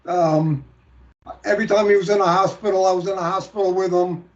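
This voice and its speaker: High-voiced man sharing painful memories. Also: fairly even intonation. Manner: halting, repeats words, laughs through grief. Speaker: guest. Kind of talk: emotional storytelling. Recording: dull lo-fi stream audio.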